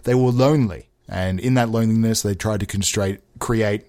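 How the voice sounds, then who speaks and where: A man's voice: lowish voice, normal speed, darkish tone. A man hosting a podcast, delivering a rambling, self-mocking comedic monologue into a microphone with mock sincerity. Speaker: podcast host.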